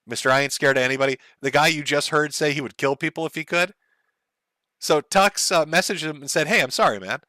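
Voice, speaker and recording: A man's voice: a little high, steady tone, brisk, sharp tone, dry recording. A man hosting a commentary show, mocking the clips he plays with sarcasm and laughter. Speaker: commentary host.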